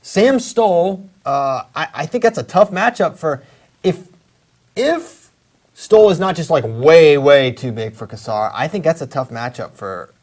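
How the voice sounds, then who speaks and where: A man's voice: fairly high pitch, lively intonation, measured pace, a little mellow. Opinionated man rambling about sports. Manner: rambling, opinionated, many restarts. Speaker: podcast host. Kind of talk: casual sports talk.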